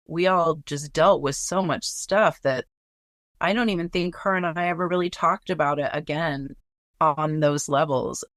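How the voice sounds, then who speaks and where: Woman w a low voice, earnest and blunt, telling her own story, dry sound. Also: measured pace, a bit bright, no room sound. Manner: candid, earnest, swears freely. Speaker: guest. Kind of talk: personal storytelling.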